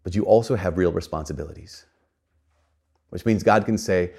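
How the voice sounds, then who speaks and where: Male preacher, low-pitched voice, earnest animated sermon delivery, casual asides, frequent restarts. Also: normal speed, creaky, husky. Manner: repeats and restarts phrases.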